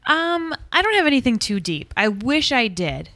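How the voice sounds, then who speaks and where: A woman's voice: fairly high pitch, sing-song, normal speed, sharp tone, no echo, clean studio sound. A young woman co-hosting a TV podcast in a playful, bubbly casual chat. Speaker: podcast co-host.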